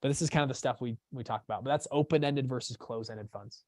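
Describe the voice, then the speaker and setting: A man's voice: medium pitch, fast talker, darkish tone, no room sound, studio quality. A man hosting a live teaching session, casual and upbeat, often checking that listeners follow along. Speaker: course host.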